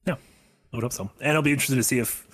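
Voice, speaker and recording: Husky male livestream host. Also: medium pitch, very fast, a bit bright. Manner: joking, reads donations aloud. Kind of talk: casual livestream chat.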